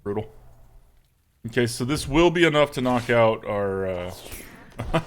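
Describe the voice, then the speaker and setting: A male streamer talks through his card game as he plays it, joking and chatting with his viewers. His pitch swings widely from line to line, which keeps the delivery lively. A soft hiss sits under the voice. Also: takes it slowly. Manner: animated, jokey, talks to chat. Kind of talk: live card-game play commentary.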